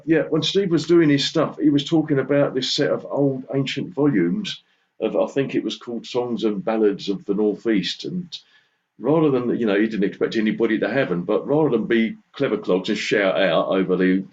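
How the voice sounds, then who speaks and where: A man at a folk song circle telling a rambling, self-deprecating story before singing a slow lullaby. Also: on the low side. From southern England. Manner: rambling, self-deprecating anecdotes with soft chuckles. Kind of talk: chatty song introduction then sung lullaby. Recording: slightly dull lo-fi recording.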